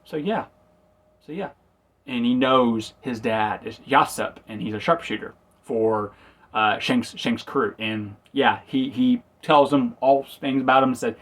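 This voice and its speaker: Male reviewer, mid-pitched, loose and rambling episode recap. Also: unhurried, fairly bright tone. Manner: rambling, self-correcting, acts out quotes. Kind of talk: casual spoken review.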